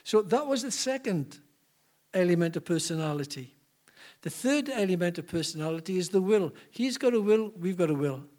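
High-voiced preacher telling stories. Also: male voice, normal speed. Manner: animated, repetitive restarts. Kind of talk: sermon storytelling.

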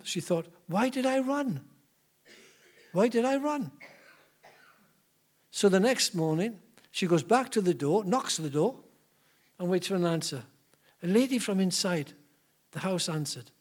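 A man preaching a sermon, telling stories with animated delivery and frequent restarts. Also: high voice. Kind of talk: sermon storytelling.

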